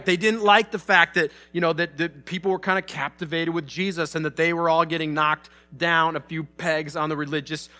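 Animated high-voiced pastor preaching. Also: male voice. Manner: casual, animated storytelling with many restarts. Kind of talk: sermon.

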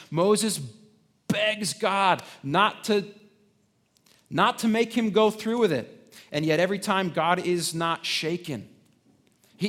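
A man with a fairly high speaking voice preaches a sermon in a loose, conversational way. He restarts his phrases often and checks in with the congregation through tag questions. His delivery rises to loud, emphatic points and then drops away quietly. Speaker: pastor.

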